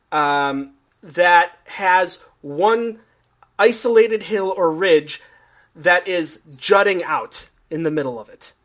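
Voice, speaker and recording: A man hosting a comedy improv game show, reading definitions with mock grandeur. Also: on the high side.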